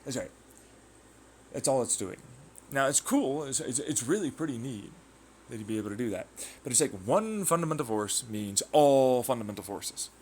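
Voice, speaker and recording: A man hosting his own channel, talking through a rambling, excitable science monologue full of tangents, sound effects and swearing. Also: medium pitch, moderate pace, a little hiss or hum. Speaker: channel host.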